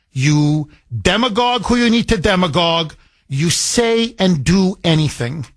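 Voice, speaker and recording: A man's voice: sits high, lively intonation, measured pace, dry recording. A man hosting a political talk radio show, speaking in a heated, emphatic way and driving his points home with repetition.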